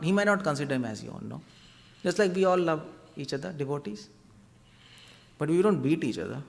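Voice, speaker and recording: Male preacher, mid pitch, chatty lecture style with questions to the crowd, long hall reverb. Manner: conversational, asks the audience questions. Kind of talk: devotional lecture. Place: temple hall.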